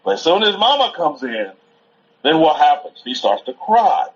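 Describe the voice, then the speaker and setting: At a Sabbath gathering, a man with a sing-song voice on the high side preaches an informal sermon at normal speed, rambling and repeating himself conversationally. He pauses to soothe a toddler, and the recording is dull and lo-fi.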